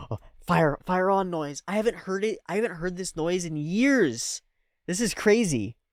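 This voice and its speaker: In a clean studio recording without any room sound, a male host reacts to anime casually. He muses aloud using fillers, laughs frequently, and now and then lets out loud, high-pitched exclamations.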